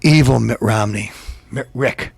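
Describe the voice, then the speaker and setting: A man's voice: mid-range voice, measured pace, creaky, breathy edge, no room sound. A man hosting a TV comedy show, delivering a brash, mocking insult rant and laughing at his own jokes. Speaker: TV show host.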